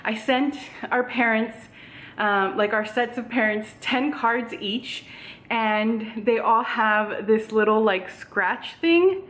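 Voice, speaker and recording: In an echoey room at home, a young woman films a casual vlog on a tripod camera, chatting breathlessly in a bubbly, rambling style with lots of "like" and "um." Her fairly high, fairly bright voice takes things slowly.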